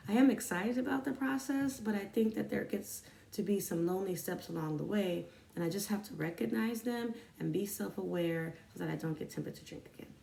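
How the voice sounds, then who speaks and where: Earnest woman, gravelly voice, echoey room. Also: mid-range voice, brisk, few pauses, mellow, far from the mic. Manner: earnest, confessional, addresses viewers as guys. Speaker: sobriety vlogger. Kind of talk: candid personal talk to camera. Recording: echoey room, voice a bit off-mic.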